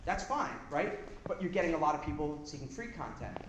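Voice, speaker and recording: A man giving a live workshop talk to an audience, casual, energetic and blunt, now and then swearing. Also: fairly high pitch, brisk. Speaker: seminar presenter. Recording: echoey room with background noise.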